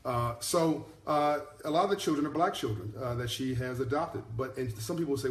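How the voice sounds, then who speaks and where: A middle-aged man talks to his live viewers in a motivational, preachy way, circling back to repeat his key points. He rambles and restarts his sentences. The room has a roomy echo, and his pitch sits in the middle for a man. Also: brisk, hardly any pauses. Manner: rambling, many fillers and restarts. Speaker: motivational speaker hosting a live stream. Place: in South Africa, on a live broadcast. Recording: echoey room.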